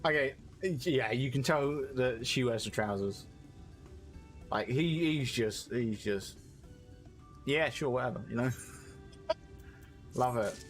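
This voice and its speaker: A man's voice: medium pitch, slow pace, pauses often, faint music behind. A man chatting casually as he comments on gameplay, with laughing asides. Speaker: streamer.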